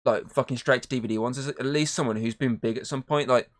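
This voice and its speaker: A man in casual podcast conversation about films, talking at an easy middle pitch. He rambles and retells scenes with lots of swearing. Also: steady tone, quick pace. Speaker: podcast host. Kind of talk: casual movie review chat.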